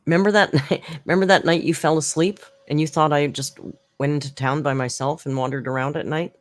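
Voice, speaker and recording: A channel host giving casual spoken commentary, blunt and rambling, with frequent restarts, side remarks and sarcastic jumps in pitch for emphasis. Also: fairly even intonation, fairly quick.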